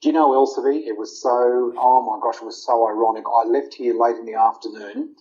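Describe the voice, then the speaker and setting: A man's voice: medium pitch, expressive, a little fast, darkish tone. A middle-aged Australian man, an interview guest, earnestly telling a heartfelt personal story and retelling family conversations in detail. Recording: slightly muffled lo-fi audio.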